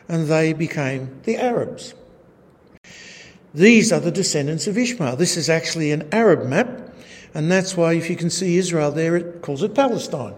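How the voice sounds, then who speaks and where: A man teaching a sermon from slides, talking in a wry way with rhetorical tag questions. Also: fairly high pitch. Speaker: Bible teacher. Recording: echoey hall.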